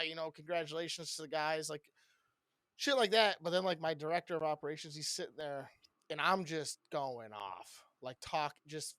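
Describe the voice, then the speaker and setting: A man co-hosting a podcast, venting about work in loud, rambling, profane casual chat. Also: on the high side, dry recording, clean studio sound. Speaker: podcast co-host.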